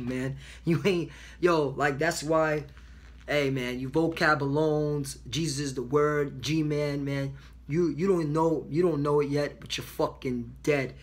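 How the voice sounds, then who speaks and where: A man with a fairly high voice reads scripture verse by verse, then breaks into heated commentary. He talks in a loud, confrontational way and keeps ending his phrases with 'man' and 'all right?'. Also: measured pace. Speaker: street preacher.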